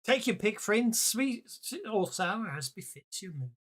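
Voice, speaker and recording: A man's voice: sits high, expressive, measured pace, a bit bright, pitched above the performer's own voice, heavily acted. A man voicing a polite, formal middle-aged mayor who speaks in a courteous, old-fashioned way. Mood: genteel. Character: middle-aged male mayor, genteel and smooth-talking.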